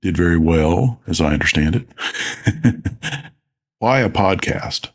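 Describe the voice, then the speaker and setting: A man's voice: low voice, lively intonation, takes it slowly. A man hosting a casual podcast interview, curious and prone to side questions. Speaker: podcast host.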